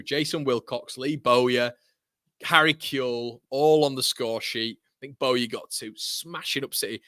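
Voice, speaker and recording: Chatty lad, bright voice. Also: male voice, medium pitch, dry recording, studio quality. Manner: chatty, rambling, laughs often, banter with viewers. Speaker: football watchalong host. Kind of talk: casual live-stream chat reading comments.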